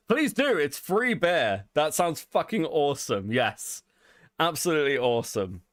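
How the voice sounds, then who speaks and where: Animated swearing livestream co-host. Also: male voice, a little high, measured pace, no room sound, clean studio sound. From Europe. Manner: animated, swears a lot, laughs often. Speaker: co-host of a livestream commentary show. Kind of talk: casual livestream commentary.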